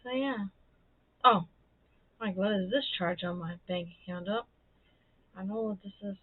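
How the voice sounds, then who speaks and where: A woman's voice: mid-range voice, measured pace, husky, no echo. A woman hosting a casual livestream, chatting and telling stories, swearing freely and laughing often. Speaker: livestream host. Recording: dry, tinny phone-like sound.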